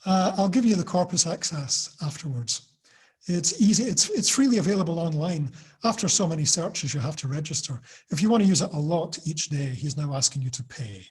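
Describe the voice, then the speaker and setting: A man from Britain giving a lively online talk to teachers, often laughing and acting out quoted lines. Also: fairly high pitch, fairly quick, slightly rough. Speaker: teacher trainer. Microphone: video call.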